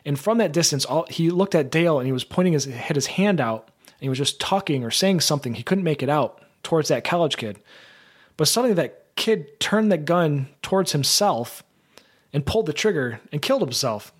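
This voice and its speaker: A man's voice: a little high, animated, a little fast. A man hosting a casual live podcast, recapping a film in a rambling, chatty way that is full of restarts. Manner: rambling, self-correcting, chatty. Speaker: podcast host.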